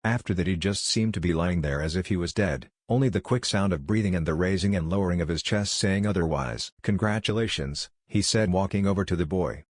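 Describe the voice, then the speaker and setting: A man narrating a fan fiction story in a flat, even reading voice. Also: deep voice, a little fast, hardly any pauses, no room sound, clean studio sound.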